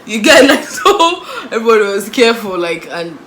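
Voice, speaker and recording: A young Nigerian woman in a casual storytime vlog, lively and acting out the people in her story. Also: mid-range voice, moderate pace, reverberant, slight background noise, poor audio. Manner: animated, acts out voices of the people in her story. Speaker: vlogger.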